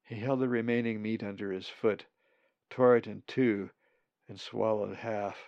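Slow, gravelly male storyteller. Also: on the low side, dry recording. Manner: slow, expressive. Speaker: audiobook narrator. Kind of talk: scripted narration. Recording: dull lo-fi recording.

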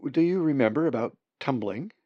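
A man's voice: medium pitch, lively intonation, a little fast, dry recording, highs cut off, pitched above the performer's own voice, natural voice. A man voicing a playful young female raven. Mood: playful, instructive. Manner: playful, cackling laugh.

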